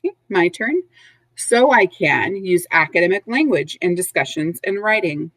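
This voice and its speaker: A woman teaching a recorded vocabulary lesson to third graders, speaking slowly and clearly, with call-and-response prompts. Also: lowish voice, lively intonation, fairly bright tone, no room sound, poor audio.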